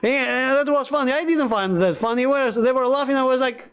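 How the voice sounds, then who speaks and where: Male gaming streamer, high voice, rambling and excitable, curses freely. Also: fairly quick, hardly any pauses, clean tone. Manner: rambling, excitable, swears a lot. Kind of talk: casual live-stream chat.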